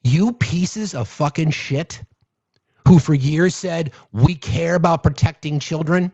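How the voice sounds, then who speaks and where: Man, political commentary host, angry rant, profane, higher pitch, muffled lo-fi audio. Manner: profane, heated and shouting out. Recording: dull lo-fi audio.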